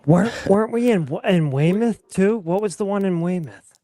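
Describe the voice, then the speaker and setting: A man's voice: high-pitched, lively intonation, normal speed, warm tone. A man co-hosting a podcast, prompting the guest with questions about past games. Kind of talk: casual chat.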